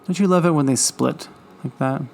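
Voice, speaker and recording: A man's voice: on the high side, normal speed, vocal fry, a little mellow, slight background noise. A man hosting a travel vlog, narrating in a playful, teasing, mock-dramatic way.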